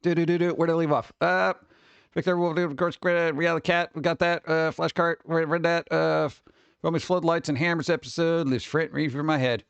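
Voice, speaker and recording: A man hosting a casual livestream, chatting with viewers in a jokey, excitable way, with sudden exclamations. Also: a little high, a little fast, vocal fry, clear, resonant tone, no room sound, dull audio. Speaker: livestream host.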